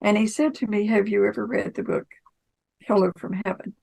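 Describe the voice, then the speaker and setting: A woman's voice: mid-range voice, fairly even intonation, brisk, creaky, a little mellow, breathy edge, poor audio. A woman telling a personal story in a chatty, anecdotal way, acting out the dialogue she recounts. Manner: acts out quoted dialogue in conversation. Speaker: storyteller recounting a spiritual experience.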